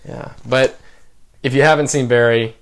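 A man's voice: medium pitch, steady tone, moderate pace. A young man co-hosting a podcast, rambling through casual chat with many restarts and fillers. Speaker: podcast co-host.

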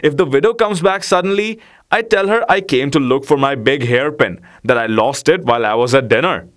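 A man's voice: medium pitch, brisk, a bit bright, natural voice. A man voicing a crafty woman who talks herself into borrowing a treasure, in a storybook reading. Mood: sly. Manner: sly, self-justifying. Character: crafty scheming woman neighbor.

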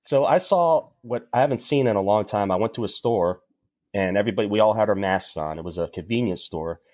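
A man's voice: fairly low pitch, fairly quick, darkish tone, no echo, studio quality. A man from New York chatting casually on a podcast, crude and joking, laughing often. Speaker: podcast co-host. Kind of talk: casual chat.

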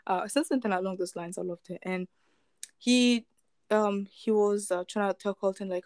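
Woman, casual storytelling, rambling, filler-heavy, dry close sound, mid pitch. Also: steady tone, moderate pace, darkish tone, no echo. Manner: rambling, many fillers and restarts, chuckling asides. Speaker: storyteller retelling a true crime case.

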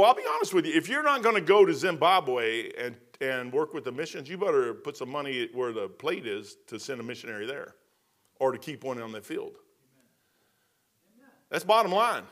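Older male pastor, high voice, bright tone, casual sermon. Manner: casual preaching with asides and self-mocking humor. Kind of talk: folksy sermon.

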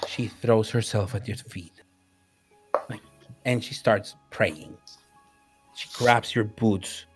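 A man's voice: on the low side, breathy edge. A man narrating a tabletop game as game master, hesitant and full of fillers.

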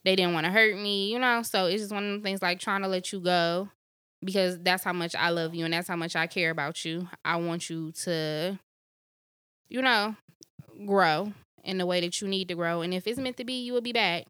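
Young female podcast co-host, bright, dry-miked, candid and animated. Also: on the low side, normal speed, clean tone, dry recording. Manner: candid, animated storytelling with acted-out quotes. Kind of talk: casual podcast chat.

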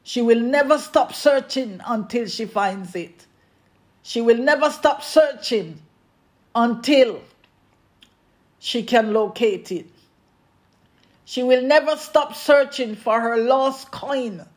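Slow, emphatic preacher. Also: mid-range voice. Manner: emphatic, repeats refrains and addresses the congregation directly. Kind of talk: sermon.

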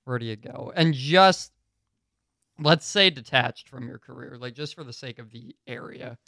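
A man hosting a casual podcast chat, relaxed and asking open questions. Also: medium pitch, moderate pace, gravelly, no echo, clean studio sound. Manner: laid-back, asks open questions, laughs along. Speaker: podcast host.

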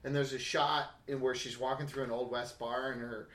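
A man's voice: medium pitch, level tone, a little fast, a bit bright, echoey room. A man chatting casually on a movie commentary track, crude and joking, laughing often. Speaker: commentary host.

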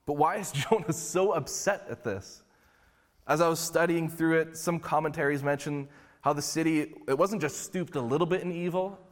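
Male pastor, storytelling sermon delivery, a bit high-pitched, reverberant hall. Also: moderate pace. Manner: conversational, storytelling.

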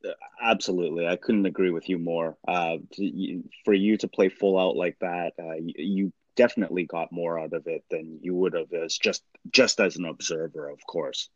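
A man hosting an interview, warmly affirming what his guest says. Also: low voice, fairly even intonation, normal speed, dry recording, lo-fi sound. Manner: agreeable, affirming. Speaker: podcast host. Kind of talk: interview conversation.

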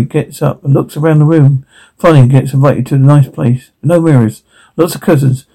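A man's voice: mid-range voice, steady tone, normal speed, vocal fry, dark tone, husky, low-quality recording. A man narrating a TV episode scene by scene in a loose, stumbling way, with many restarts. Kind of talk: casual retelling of a TV episode.

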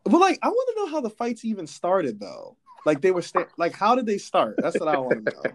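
A male podcast co-host chatting casually in a fairly high voice. His pitch jumps around as he tells stories. He jokes and uses slang throughout. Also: a little fast. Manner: lively, joking, slangy storytelling. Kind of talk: casual chat.

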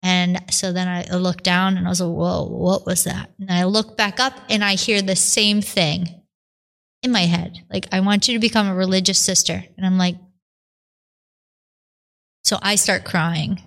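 A woman's voice: fairly low pitch, moderate pace, vocal fry. A religious sister telling her vocation story in a podcast interview, acting out the voices she quotes. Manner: animated storyteller who acts out her own quotes.

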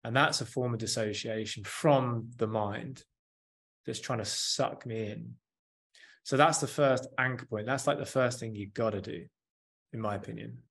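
A man in his thirties with a mid-range voice talks openly and thoughtfully as an interview guest. He drifts through his thoughts in an earnest, unpolished way, often filling with "like" and "you know". His calm, practitioner's tone suggests a therapist or coach. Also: mid-range voice, moderate pace, gravelly. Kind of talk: candid conversational interview.

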